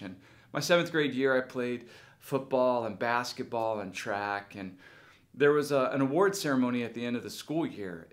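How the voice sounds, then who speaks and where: A middle-aged man delivers a sermon as a pastor, telling a personal story from his youth. His voice sits at an ordinary middle pitch, and he grows more intense as the story builds. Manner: earnest personal storytelling, rising with emotion.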